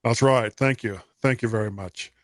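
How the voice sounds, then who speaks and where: A man's voice: medium pitch, normal speed, dry recording, studio quality. A man hosting a podcast in casual chat, loose and rambling as he explains. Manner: relaxed, rambling with restarts. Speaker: podcast host.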